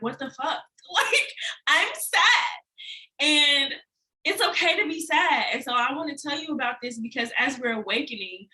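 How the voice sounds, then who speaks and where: In a candid personal vlog, a young woman who works as a life and healing coach shares a painful story, laughing often mid-sentence while holding back tears, sometimes close to crying. Her voice is on the high side, bright and forceful, and the recording is rough.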